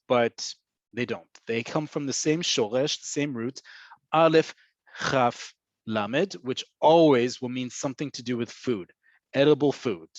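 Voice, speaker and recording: A man teaching vocabulary in an online language lesson, explaining patiently and repeating words slowly for learners. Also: mid-range voice, dry recording, highs cut off. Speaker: Hebrew teacher. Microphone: computer mic on a video call.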